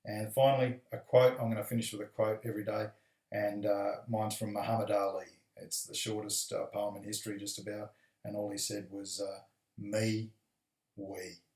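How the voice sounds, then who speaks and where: An Australian airline pilot giving a casual, rambling, friendly video message full of fillers. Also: male voice, on the low side, level tone, brisk, darkish tone, recorded from a distance. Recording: echoey room.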